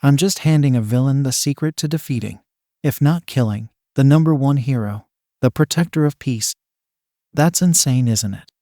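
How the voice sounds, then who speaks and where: A frightened young woman close to tears, voiced with little change from a man's ordinary reading voice. The male reader voices her. His pitch stays mid-range and the sound is dry and close. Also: moderate pace, dark tone, no room sound, lightly acted. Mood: anxious. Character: anxious tearful young woman civilian.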